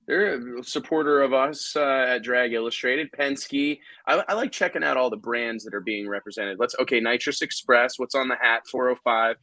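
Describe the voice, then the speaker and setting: Joking talk-show host. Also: male voice, medium pitch, normal speed, hardly any pauses, sharp tone, dry recording. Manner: joking, rambling, with many fillers. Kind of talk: casual live commentary chat.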